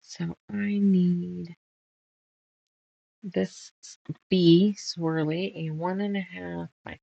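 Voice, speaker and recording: Gravelly woman muttering through sewing. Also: lowish voice, fairly even intonation, extremely slow, warm tone, no echo, lo-fi sound. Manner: muttering measurements while sorting fabric. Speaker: quilting channel host. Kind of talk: casual sew-along chat.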